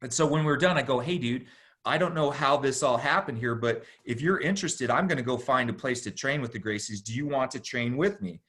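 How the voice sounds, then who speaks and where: A middle-aged man, a podcast guest, telling a long story in a casual, animated way, full of slang and "dude". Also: medium pitch, brisk. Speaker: podcast guest, jiu-jitsu instructor.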